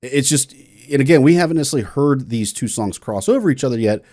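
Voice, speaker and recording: A music teacher with a mellow, medium-pitched voice and lively intonation talks at a quick pace. He gives an enthusiastic, casual reaction and analysis, explaining theory in plain terms and restarting his sentences often.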